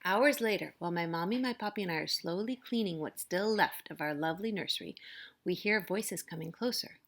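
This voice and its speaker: A woman's voice: on the low side, a little fast, fairly bright tone. A woman teacher reading a picture book aloud, narrating expressively. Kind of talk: storybook read-aloud.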